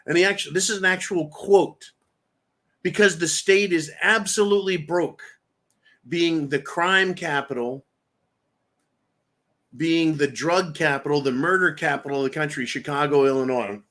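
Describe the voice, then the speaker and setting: A man's voice: on the high side, moderate pace, a bit bright. Ranting male livestream host. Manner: ranting, mocking, crude insults. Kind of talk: political commentary livestream.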